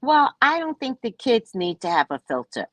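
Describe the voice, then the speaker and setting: A woman host telling a story in casual chat, mocking and animated, laughing often and jumping high when exasperated. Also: normal speed, no echo. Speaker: podcast host.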